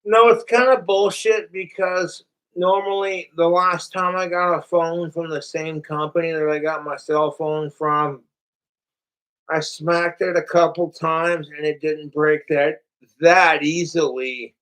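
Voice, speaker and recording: A middle-aged man vents in a rambling, profane vlog rant. He drawls at an unhurried pace, his voice slightly high and clear. He swears freely and circles back on himself as he talks to his viewers. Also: steady tone, fairly bright tone, low-quality recording. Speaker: vlogger. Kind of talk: rambling casual rant to camera.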